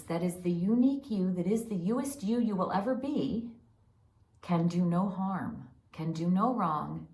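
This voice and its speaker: A woman voicing a loving collective of light beings, delivering a channeled spiritual message in slow, repeating, chant-like phrases. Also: medium pitch, a little mellow, reverberant, close to an everyday voice. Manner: slow, repetitive, incantatory delivery.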